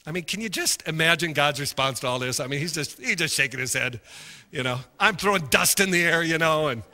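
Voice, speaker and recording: A middle-aged male pastor preaching a sermon, telling stories and moving between quiet asides and impassioned shouting. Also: fairly high pitch, animated, brisk. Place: large church sanctuary. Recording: long hall reverb.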